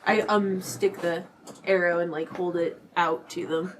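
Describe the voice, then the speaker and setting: A woman's voice: lowish voice, fairly even intonation, a little slow, slight background noise. A woman playing in a tabletop game, speaking in a friendly, easygoing way. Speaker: player.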